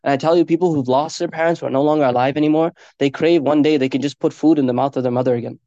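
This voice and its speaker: Male preacher, informal sermon, quick and earnest, slightly raised voice, dull dry lo-fi sound. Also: a little high, fairly even intonation, dark tone, no room sound. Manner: earnest, conversational, peppered with Arabic phrases. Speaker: Islamic preacher.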